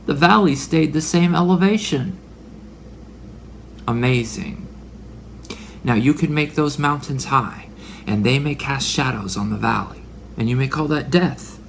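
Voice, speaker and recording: Gravelly-voiced man preaching. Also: medium pitch, a little slow, long pauses, slight background noise. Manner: dramatic, drops into breathy whispered asides. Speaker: religious speaker. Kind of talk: preaching monologue.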